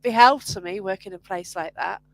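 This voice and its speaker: A woman's voice: mid-range voice, fairly quick, creaky, poor audio. A woman hosting an online interview, chatting casually, with hesitant restarts and personal asides. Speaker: host.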